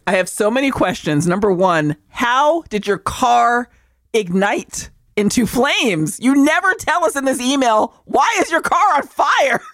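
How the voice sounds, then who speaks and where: A woman co-hosting a podcast in casual chat, expressive, leaping high for mock-confused questions. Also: a little slow, no echo, clean studio sound. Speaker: podcast co-host.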